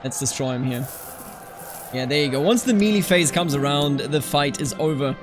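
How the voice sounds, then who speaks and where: Animated young man with a higher voice. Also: music in the background. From Germany. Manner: animated, quick to mock outrage, talks to game characters. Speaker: strategy game let's-player. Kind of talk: casual gameplay commentary.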